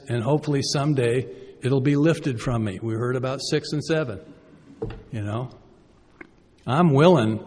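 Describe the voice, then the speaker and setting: A man giving a personal recovery talk from a podium, conversational and self-deprecating, asking the audience rhetorical questions. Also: medium pitch. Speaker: recovery meeting speaker. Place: conference hall. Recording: reverberant hall.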